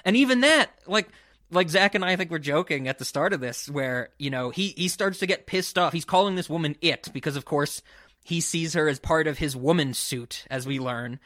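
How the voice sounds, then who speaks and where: A man's voice: fairly high pitch, moderate pace, bright, forceful tone, no room sound, studio quality. A man co-hosting a casual film podcast, enthusiastic and often quoting lines. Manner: enthusiastic, quotes lines in put-on voices. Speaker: podcast co-host.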